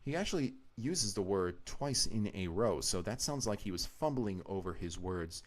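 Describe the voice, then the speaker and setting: A man with a very deep voice gives live-stream commentary while he edits a video. He explains each choice at length, wanders off on side thoughts and restarts his sentences as he goes. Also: lively intonation, normal speed.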